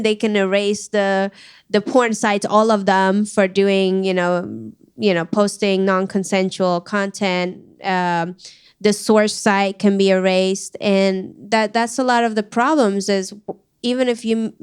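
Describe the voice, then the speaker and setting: A woman guest in an interview, telling her own story candidly with many fillers and halting restarts. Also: medium pitch, clean tone. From Iran. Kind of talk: emotional personal interview.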